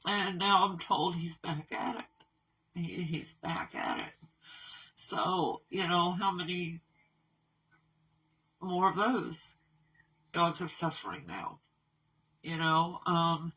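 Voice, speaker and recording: A woman who runs an animal rescue, talking candidly in a casual vlog update, rambling and halting with fillers. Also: low-pitched, pushed and bright. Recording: voice somewhat far from mic.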